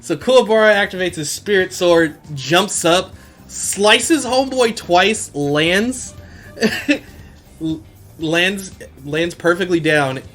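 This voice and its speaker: A man's voice: high voice, lively intonation, slow, fairly bright tone. A man hosting a casual solo podcast, recapping an anime in a slangy way and laughing often as he retells scenes. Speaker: podcast host.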